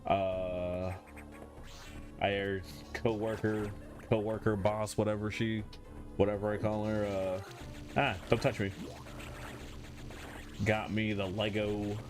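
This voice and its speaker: A man's voice: fairly low pitch, level tone, takes it slowly. A man streaming a game, chatting in a rambling, self-mocking way from his room at home. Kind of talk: casual chat while playing. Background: game music.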